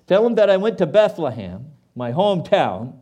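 A man preaching a sermon as pastor, reading scripture aloud and breaking off for lively asides to his congregation. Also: high-pitched, normal speed, lo-fi sound.

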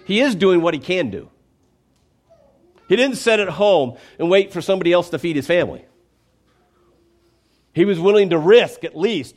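A man preaching a conversational, emphatic sermon, often checking in with the congregation. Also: fairly high pitch.

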